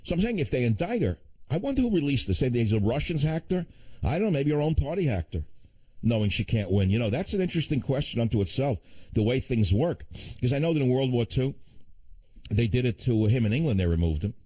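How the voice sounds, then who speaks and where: An older man hosting a talk radio show, ranting fast with sarcastic asides. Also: medium pitch, sing-song, a little mellow, no room sound.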